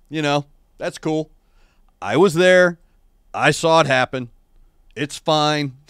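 A middle-aged man hosts a casual livestream, talking through rambling, wry stories with bursts of animation. His voice sits a touch high and comes through smooth and clear. The sound is dry and close. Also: slow, long pauses, a bit bright, no echo. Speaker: show host. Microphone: adjustable streaming microphone.

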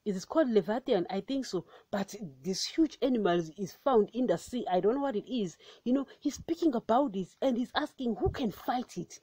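A woman's voice: a little high, animated, moderate pace, few pauses, dark tone, slightly rough, no echo. A woman hosting a Christian podcast, preaching with fervent emphasis and calling her listeners "guys".

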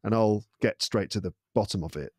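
Brisk and on the low side, this English podcast guest spins thoughtful, lively stories during a relaxed interview, captured in a dry, close recording.

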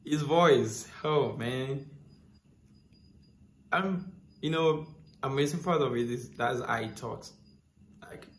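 A man's voice: mid-range voice, slow, long pauses. A man hosting a music reaction channel, gushing in casual commentary, repeating himself and filling with "like". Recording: echoey room with faint noise.

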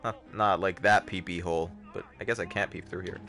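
Faint music runs behind a young man with a deep voice who talks a little fast. Hosting a livestream, he gives lively, joking gameplay commentary, chats with viewers, and yelps when startled.

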